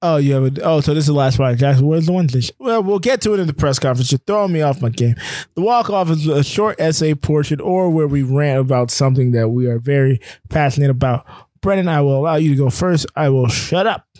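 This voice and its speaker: A man's voice: on the high side, fast, mellow, no room sound. A man co-hosting a podcast, chatting casually and recapping a boxing fight. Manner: rambling, lots of fillers and restarts. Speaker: podcast co-host. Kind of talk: casual sports chat.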